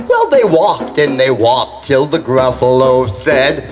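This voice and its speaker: A man telling stories and reciting poems to children in a slow, expressive, sing-song way. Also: medium pitch, music in the background. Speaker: traveling storyteller. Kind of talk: live storytelling for children.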